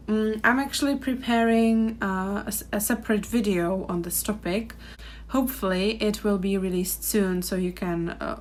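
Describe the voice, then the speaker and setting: A woman's voice: medium pitch, darkish tone, slight background noise. A young woman with a Czech accent, teaching pronunciation and repeating words carefully for learners. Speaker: language teacher. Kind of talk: pronunciation lesson.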